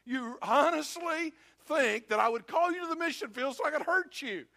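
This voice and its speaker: A man's voice: a little high, fairly quick, a bit bright, dry recording, voice pushed down. A preacher voicing God as a fed-up father. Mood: indignant. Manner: pleading, repetitive, emphatic.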